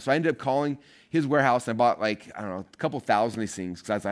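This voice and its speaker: Speaking to his viewers, an online marketing speaker casually tells a personal story at a fast clip in a middling-pitched voice. He's an animated narrator who keeps slipping into short acted-out lines from his past self.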